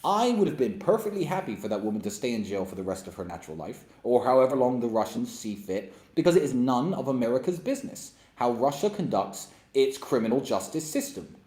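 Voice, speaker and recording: A man's voice: medium pitch, very animated, fairly quick, few pauses, dark tone. A man in his thirties giving a blunt, scornful opinion monologue as a commentator. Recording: roomy echo.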